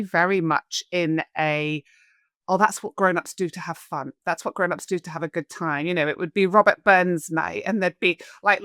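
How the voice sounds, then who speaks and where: A woman in her forties with a Scottish-tinged English accent, a guest on an interview, telling her story in an animated way and acting out the voices she quotes. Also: lowish voice, dry recording, clean studio sound. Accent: Scottish with English influence. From Scotland. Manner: animated, acts out quoted voices, lists things off. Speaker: guest, alcohol coach.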